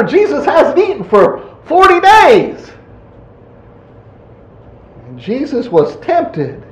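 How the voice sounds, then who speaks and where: High voiced preacher guy, slow and lively, echoey church hall. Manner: animated, folksy, acts out quotes. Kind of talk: sermon. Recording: echoey room.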